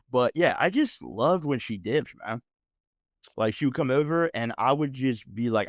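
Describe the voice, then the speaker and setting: An American man in his thirties hosts a podcast, rambling through a personal story in casual, profane slang with mocking outbursts. His medium-pitched voice is animated and moves at a moderate pace, recorded with studio quality and no room sound.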